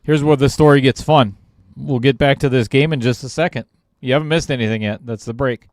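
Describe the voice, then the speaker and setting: A man's voice: mid-range voice, fairly quick, darkish tone, no room sound, clean studio sound. A man commentating on a pool stream, telling a casual, self-deprecating story about himself and laughing at it. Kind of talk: casual anecdote told on air.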